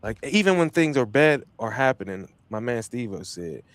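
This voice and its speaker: A man's voice: mid-range voice, sing-song, moderate pace, dry recording. A man hosting a podcast, talking in a hyped, slangy, motivational way and often repeating himself. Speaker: podcast host. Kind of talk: casual motivational chat.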